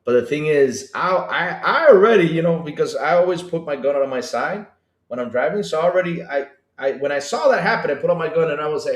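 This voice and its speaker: A man's voice: on the high side, animated, fast. Rambling man in an echoey room. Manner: rambling, hesitant with many fillers. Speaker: podcast co-host. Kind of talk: casual chat. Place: Panama.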